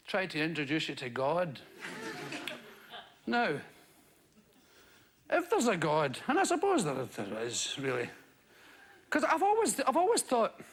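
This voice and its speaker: Scottish comic on stage, wildly animated voice. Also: male voice, sits high. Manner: rambling, mocking, lively storytelling. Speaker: stand-up comedian. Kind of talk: stand-up comedy routine. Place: theatre stage before a live audience. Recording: loud noisy live stand-up recording with audience laughter.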